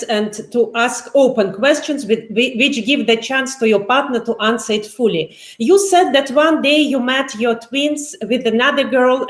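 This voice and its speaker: Woman interviewer in an echoey room. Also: fairly high pitch. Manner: halting, searching for words. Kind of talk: interview questions.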